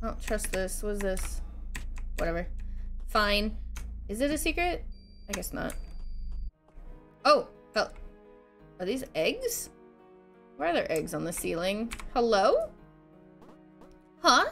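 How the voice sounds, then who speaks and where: A woman's voice: on the high side, takes it slowly, long pauses, soft background music. A woman live-streaming a video game, chatting casually, giggling and thanking her viewers. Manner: giggly, animated, talks to herself and thanks chat.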